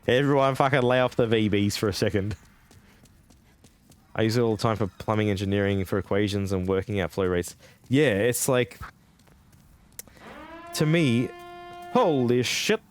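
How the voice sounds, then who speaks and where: A man's voice: lowish voice, moderate pace, pauses often, smooth, faint music behind. An Australian man streaming a game, chatting casually with viewers, rambling, laughing often and swearing freely. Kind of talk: casual live-stream chat while gaming.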